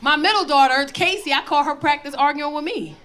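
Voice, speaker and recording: A woman in her 40s talks a little fast during her stand-up set, her voice high and loud as she tells animated stories and shouts punchlines. The live club recording on the comedy stage captures the audience's laughter.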